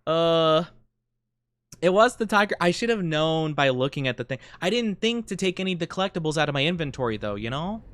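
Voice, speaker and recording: A giggly streamer talks through a game with an even, middling voice. They laugh at their own slip-ups and thank chat as they go. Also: mid-range voice, fairly quick, dry recording. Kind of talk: casual gameplay commentary.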